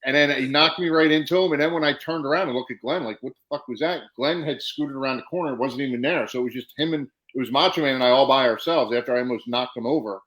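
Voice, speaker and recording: A middle-aged man co-hosting a casual podcast, telling stories with lively acted-out quotes. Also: mid-range voice, fast, few pauses, rough recording. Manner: animated storyteller, acts out quotes. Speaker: podcast co-host, former wrestler. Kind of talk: casual chat and storytelling.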